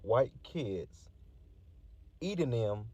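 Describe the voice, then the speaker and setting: A man's voice: mid-range voice, very animated, very slow, a little mellow, breathy edge, no echo. A man speaking in an insistent, alarmed way, in a dull, muffled clip.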